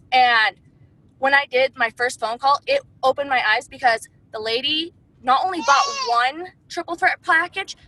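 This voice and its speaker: Brief: woman, sales distributor, casual tips talk, bright and fairly high voice, chatty with lots of fillers. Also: dry recording, low-quality recording. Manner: chatty, heavy use of "like" and "um".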